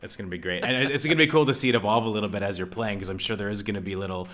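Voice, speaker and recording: A man's voice: lowish voice, racing, fairly bright tone. A man hosting a casual interview, friendly and enthusiastic, often calling his guest man. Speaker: host.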